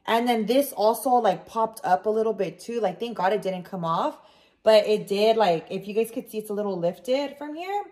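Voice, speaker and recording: A young woman vlogging in her home kitchen, telling a story in an animated, casual way with lots of swearing and "like". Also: mid-range voice, moderate pace. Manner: animated, swears freely, heavy use of "like".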